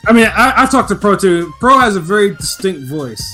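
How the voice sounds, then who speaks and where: A man with a notably high speaking voice who chimes in with short remarks and agreement during a casual boxing podcast. Faint music plays underneath. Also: sing-song, brisk, pushed and bright. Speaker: podcast co-host.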